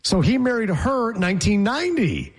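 A man co-hosting a casual talk show, telling jokey stories with a husky voice. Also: high-pitched, big pitch swings, brisk. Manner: joking, storytelling. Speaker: co-host. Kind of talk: casual banter.

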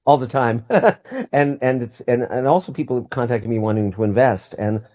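A man's voice: mid-range voice, moderate pace, dry recording, lo-fi sound. A man guest on a call-in radio show, talking earnestly and often repeating and restarting his words.

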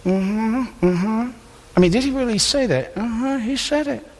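Preacher doing scandalized whispering scribes, hushed, high voice, reverberant hall. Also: male voice, measured pace. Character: scribes whispering together, suspicious gossiping men.

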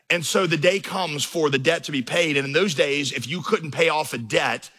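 With a slightly high, sharp-toned voice, a male pastor delivers a sermon in a big church auditorium, weaving stories that rise to impassioned emphasis. The hall's reverberation is audible in the recording.

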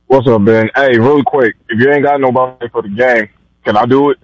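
Fast pushy male caller. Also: mid-range voice, fairly even intonation, no room sound. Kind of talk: phone-in talk radio. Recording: dull lo-fi phone line.

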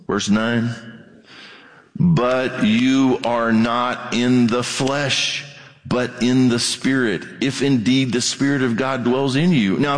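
High-voiced preacher in a reverberant hall. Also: male voice. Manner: earnest, questioning, reads scripture aloud. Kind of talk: sermon.

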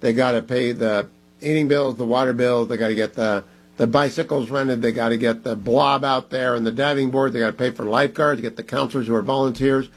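A man hosting a talk radio show, making emphatic, preachy appeals to listeners in a husky voice. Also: medium pitch, steady tone, a little fast.

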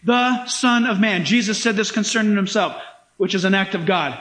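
A man preaching a sermon as pastor, animated and emphatic, sometimes laughing as he speaks. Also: sits high, fairly quick, roomy sound.

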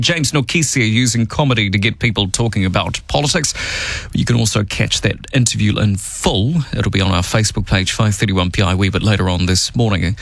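Casual radio talk and a news rundown come from a man with a lowish, echo-free voice hosting a morning show in a radio studio. He's chatty, wry and lively as he talks politics.

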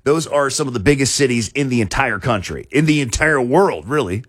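Husky, lively-voiced male talk show host. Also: medium pitch, a little fast, no echo, studio quality. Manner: rambling, with many restarts and chuckles. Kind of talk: casual talk show chat.

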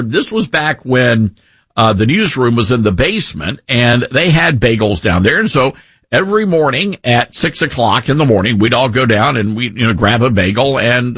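A man hosting a talk radio show, telling stories in a conversational, animated way with frequent restarts. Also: mid-range voice, normal speed, husky, no room sound. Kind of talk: conservative talk radio monologue.

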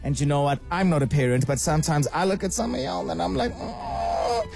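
A male radio host talking in a chatty, animated and opinionated way, with faint music behind. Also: a little high, fast, gravelly. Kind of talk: casual radio chat.

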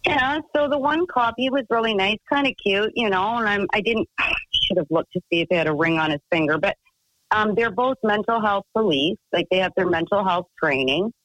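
A woman's voice: mid-range voice, fairly quick, a bit bright, no echo, rough recording. A woman caller rambles through a long personal story, piling on fillers and restarts. Her voice sounds close and dry, with no room around it. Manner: chatty, rambling, full of fillers.

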